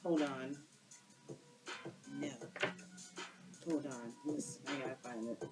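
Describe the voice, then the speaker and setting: A woman's voice: extremely low pitch, takes it slowly, pauses often, a little mellow, faint music behind, low-quality recording. A woman doing a casual tarot card reading for her viewers, exclaiming and using slang as she turns the cards. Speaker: tarot reader.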